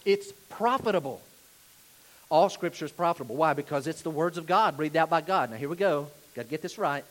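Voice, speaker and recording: A man delivering a sermon in a church, his voice pitched high for a man. He leans hard on repeated phrases and lets his volume rise and fall sharply. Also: lively intonation, quick pace, rough recording. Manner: emphatic, repeats key phrases, varies loudness widely. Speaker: pastor.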